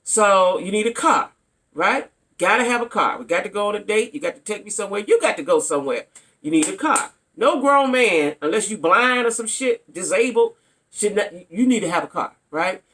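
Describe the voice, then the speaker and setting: Blunt, bright-voiced woman vlogger. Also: medium pitch, moderate pace. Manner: animated, blunt, keeps checking in with listeners. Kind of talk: casual storytelling to camera.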